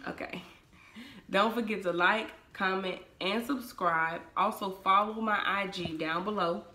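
A woman's voice: medium pitch, unhurried, sharp tone, reverberant, a little hiss or hum. A woman vlogging casually to camera, chatting in a sassy, emphatic way about a product she bought. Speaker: vlogger reviewing a wig-making canvas head.

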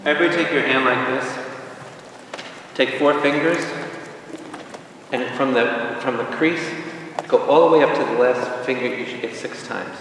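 A man, a priest, leading an informal Bible study, lively and joking, asking the group questions. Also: medium pitch, normal speed, pauses often, a little hiss or hum. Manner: jokey, lively teaching with asides and questions to the group. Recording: echoey hall, voice from far off.

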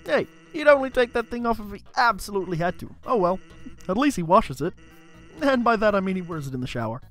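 A man's voice: high-pitched, very animated, fast, a bit bright, soft background music. A man reading a lazy, joking male skeleton's game dialogue aloud in his own plain voice. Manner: reads game lines aloud in a plain, slightly amused voice.

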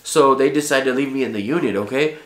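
Guy telling a heavy story time, heartfelt, lots of slang and swearing, mid pitch, echoey room. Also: quick pace. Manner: heartfelt, profane street slang. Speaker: vlogger. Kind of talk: casual storytelling.

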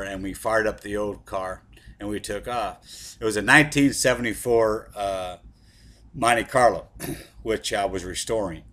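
A man's voice: fairly low pitch, fairly bright tone. A middle-aged man telling a comic story about his past in a rambling, profane way, full of asides.

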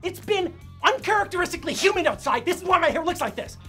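A woman's voice: extremely high pitch, lively intonation, quick pace. An actress playing an indignant woman demanding a retrial, in a comedy series outtake with music behind. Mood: protesting. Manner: indignant, protesting loudly.

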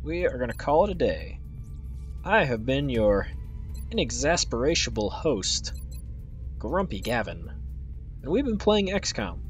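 A man's voice: medium pitch, big pitch swings, measured pace, long pauses, soft background music. A man hosting a video game playthrough, talking casually in a goofy, rambling way with mock-grand announcements. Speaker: let's play host. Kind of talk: casual gameplay commentary.

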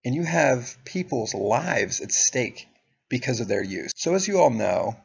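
A man's voice: mid-range voice, big pitch swings, measured pace, vocal fry, breathy edge, lo-fi sound. A young man telling a story to camera in a casual, profane, sardonic way. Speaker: vlogger.

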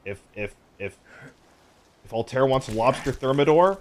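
A man's voice: medium pitch, animated, a little slow, pauses often, slight background noise. A man streaming a game and chatting casually, rambling with repeated restarts and sudden swearing outbursts. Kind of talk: casual chat while playing a game.

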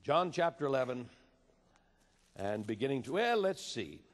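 A man preaching a sermon with passion, moving between loud appeals and hushed storytelling. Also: mid-range voice, very animated, moderate pace. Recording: reverberant hall.

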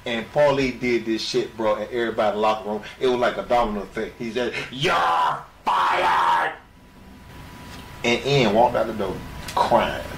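A man telling a profane wrestling-locker-room anecdote, animated and swearing freely. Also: lowish voice, fast talker, slight background noise. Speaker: former wrestler. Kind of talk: storytelling anecdote.

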